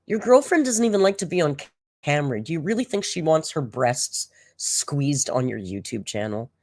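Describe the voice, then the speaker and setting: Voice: medium pitch, animated, moderate pace, darkish tone. Sarcastic exasperated reaction commentator. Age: older than the clip's audience.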